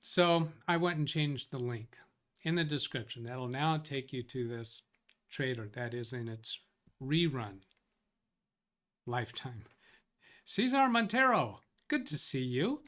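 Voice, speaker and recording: A man's voice: mid-range voice, lively intonation, measured pace, a bit bright. A man hosting a tech support live stream, thinking aloud as he reads out viewer comments and corrects himself. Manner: rambling, self-correcting. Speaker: tech support livestream host. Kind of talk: casual live-stream chat.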